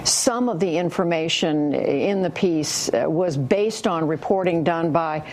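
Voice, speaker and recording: A woman news anchor putting crisp, formal questions to a guest. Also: low-pitched, measured pace, a little mellow. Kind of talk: broadcast news interview question. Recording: faint background noise.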